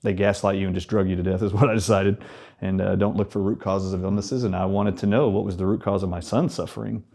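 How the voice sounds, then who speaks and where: Low, mellow-voiced man telling a story. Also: fast talker, creaky. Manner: animated, acts out remembered dialogue. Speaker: guest. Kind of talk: storytelling in a conversational interview.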